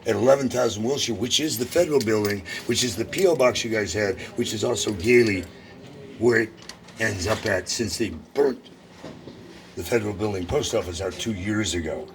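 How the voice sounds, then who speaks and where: A man's voice: lowish voice, normal speed, background noise. A man at a government office counter and on the phone, ranting and swearing in a heated confrontation. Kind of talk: angry confrontation and phone call. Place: social security office in a federal building.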